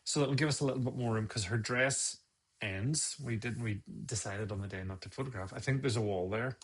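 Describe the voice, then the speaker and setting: A man's voice: fairly low pitch, a little fast, slightly rough. A man, a photographer teaching photo editing on a live stream, muttering his steps aloud and scolding himself. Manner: muttering, self-scolding, chatty asides.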